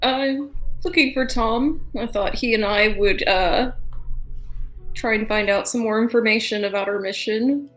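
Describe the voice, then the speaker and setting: A woman with a fairly high voice plays her character in a tabletop role-playing game. She speaks in a calm, measured way. Soft music plays faintly behind her. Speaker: player.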